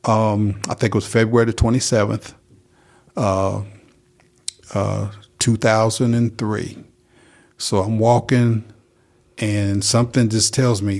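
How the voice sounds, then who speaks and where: A middle-aged man from North Carolina appears as a guest to share his personal recovery testimony, speaking earnestly and plainly. His voice is lowish and moves at a normal speed.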